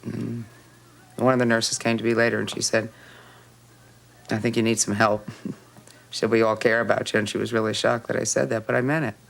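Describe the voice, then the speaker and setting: A mother talks in a documentary interview, downcast and confessional. Her voice is gravelly and creaky, and she speaks as a smoker. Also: extremely low pitch, level tone, a little fast, pauses often.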